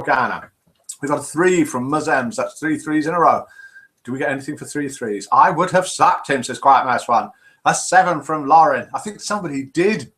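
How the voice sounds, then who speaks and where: A man's voice: mid-range voice, a bit bright. An older man from England with a Midlands accent, hosting a live call-in show in a cheerful, chatty way and reading out viewer messages. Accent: English Midlands. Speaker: host. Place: home room.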